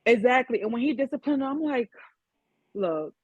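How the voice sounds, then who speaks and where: A woman's voice: medium pitch, moderate pace, dry recording. A woman speaks candidly about her parenting on a casual podcast panel. Her voice comes through dry, close and a little dull, like a lo-fi recording. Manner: candid, relaxed recollection with quoted asides.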